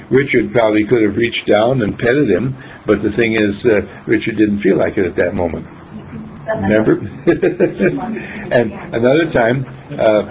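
A man's voice: on the low side, darkish tone. A man giving an informal spiritual teaching, telling rambling, folksy stories with chuckles between points. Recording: dull lo-fi recording with faint background noise.

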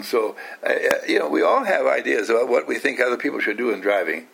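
Speaking with a mid-range, gravelly voice that is fairly bright with a breathy edge, this older household teacher talks animatedly and a little fast, hardly pausing. He addresses a small group informally, posing questions, teasing them, and impersonating those he quotes.

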